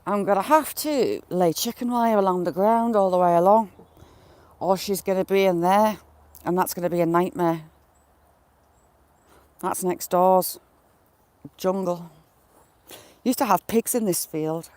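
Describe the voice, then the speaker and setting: A smallholder talks to animals and viewers on a casual live stream while doing chores outdoors in a yard by a field, swearing mildly, with birds and chickens nearby. The medium-pitched, darkish voice keeps a measured pace, pauses often, and is dryly recorded.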